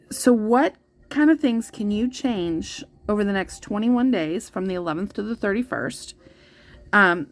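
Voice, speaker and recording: A woman in her thirties hosting a casual vlog, rambling with many fillers and restarts, gushing and easily moved. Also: medium pitch. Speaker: tarot channel host. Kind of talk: casual coloring-and-chat vlog.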